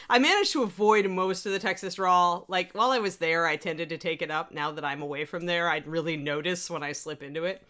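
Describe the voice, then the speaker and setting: A woman hosts a hobby livestream in a lower than usual voice with a bright, forceful edge. She talks in loose, rambling chat and laughs often. She answers her chat messages as they come in. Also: brisk. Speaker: livestream host.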